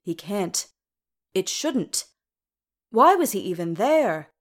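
Woman doing a gruff, sulky dwarf king. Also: medium pitch, very animated, slow. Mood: indignant. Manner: gruff and indignant. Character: proud, stubborn wounded dwarf king.

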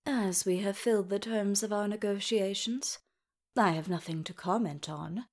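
A woman voicing a cold, imperious male elf king who speaks in a quiet, clipped way in a storybook reading. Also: medium pitch, moderate pace, natural voice.

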